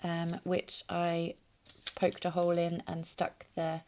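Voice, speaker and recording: A woman hosting a craft tutorial, hesitant with many ums, dropping to soft murmurs as she works with her hands. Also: on the low side, completely flat delivery, takes it slowly, noisy background. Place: home craft space.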